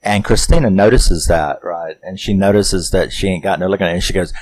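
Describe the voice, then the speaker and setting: A man with a low, deep voice and a drawl talks through a movie he loves. He rambles, retells its scenes with plenty of fillers, and acts out the characters' lines. The tone is a loose, casual film recap. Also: fairly quick, poor audio. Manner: rambling, animated retelling with acted-out quotes and chuckles. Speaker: movie review host.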